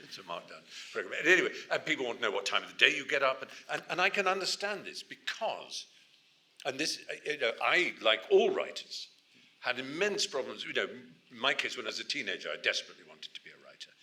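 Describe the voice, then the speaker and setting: An Englishman giving an animated, digressive talk to a university society audience, often restarting his sentences. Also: medium pitch, quick pace. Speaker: guest speaker.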